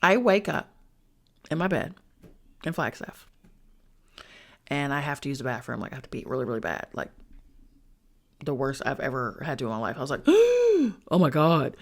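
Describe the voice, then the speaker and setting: Low gravelly-voiced woman podcaster, chatty and slangy, cussing while she tells her story. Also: expressive, a little fast, pauses often, fairly bright tone. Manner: chatty, slangy, swears, talks straight to listeners. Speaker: podcast host and spiritual coach. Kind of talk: casual storytelling.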